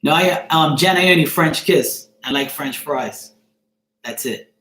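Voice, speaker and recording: A Bermudian man live streams in an echoey room, reading chat and answering viewers by name while joking and swearing offhandedly. His voice is a little high and a bit bright, and he takes his time.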